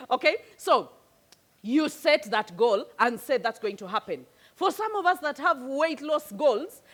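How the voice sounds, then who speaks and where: A woman giving a motivational talk, lively and conversational as she speaks straight to her audience. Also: high-pitched. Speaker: life coach and channel host.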